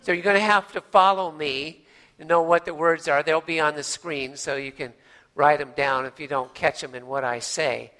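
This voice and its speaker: A male pastor preaches in a folksy, conversational way, full of fillers and restarts. His voice sits high and rings bright and forceful. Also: steady tone, moderate pace, long reverb tail. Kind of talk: sermon.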